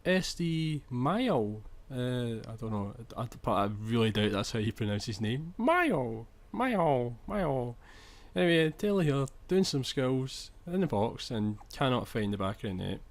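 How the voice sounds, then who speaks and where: A man's voice: medium pitch, animated, moderate pace, hardly any pauses. A young man commentating over his own football video game footage, chatty, restarting sentences and swearing when annoyed. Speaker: gaming commentator.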